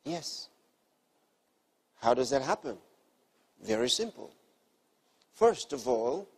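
Husky-voiced male preacher. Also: mid-range voice, very animated, slow pace, long pauses. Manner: earnest teaching, repeats key phrases, swings between soft and emphatic. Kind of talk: sermon.

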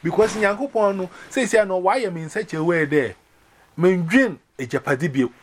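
Ghana guy rambling on a phone call, kinda high voice, flips between english and akan. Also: animated, moderate pace, slight background noise. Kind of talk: casual phone chat.

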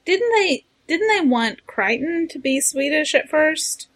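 A woman's voice: high voice, expressive, measured pace, fairly bright tone. A woman in a casual podcast discussion, chatty and often asking questions. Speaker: podcast co-host.

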